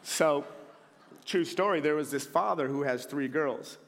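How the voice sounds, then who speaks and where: A man in his thirties preaching a sermon in a church, telling stories and acting out shouted scenes. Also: on the high side, unhurried, creaky. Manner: animated storyteller, acts out shouting scenes. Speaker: pastor. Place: church sanctuary. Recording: long hall reverb.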